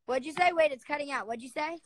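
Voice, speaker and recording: A woman hosting a casual live stream from her bedroom, chatting with viewers in a bubbly, excitable way. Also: sits high, fast, dry recording. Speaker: livestream host. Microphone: laptop or phone live stream.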